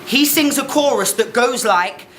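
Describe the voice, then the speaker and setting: A man's voice: extremely high pitch, unhurried. A young man performing a battle rap, brash and mocking, firing off punchlines at a live event. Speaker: battle rapper. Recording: loud crowd and heavy noise. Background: loud cheering crowd.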